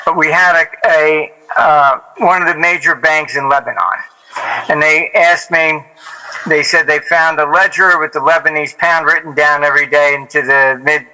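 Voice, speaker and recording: A man's voice: a little high, fairly even intonation, normal speed, bright, forceful tone, low-quality recording. An older man, a former hedge fund manager, telling anecdotes as an interview guest in a rambling, casual way with many fillers and restarts.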